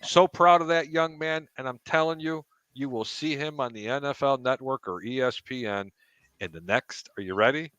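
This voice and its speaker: A man banters on a sports talk show, teasing and animated. His voice is bright and forceful, and it sounds dry and close on a studio mic. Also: mid-range voice, moderate pace, clean tone, dry recording, lo-fi sound. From Chicago area. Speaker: co-host.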